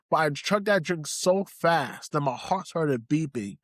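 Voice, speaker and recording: A man's voice: fairly high pitch, lively intonation, normal speed, hardly any pauses, no echo, clean studio sound. A young man from Haiti, a podcast guest, giving an earnest, emotional personal testimony and repeating phrases for emphasis. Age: young adult.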